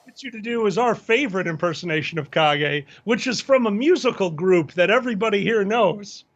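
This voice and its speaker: Animated, laughing speaker with a Chicago accent. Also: mid-range voice, brisk, lo-fi sound. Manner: animated, laughing, sing-song. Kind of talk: casual drinking livestream chat.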